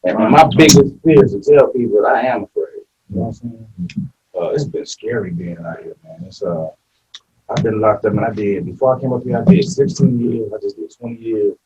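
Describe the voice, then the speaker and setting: A man in his late fifties sharing his story in a support group, rambling and halting, swinging from hushed admissions to loud, tearful outbursts. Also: lowish voice, animated, recorded from a distance, highs cut off. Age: 50s. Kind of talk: emotional personal sharing.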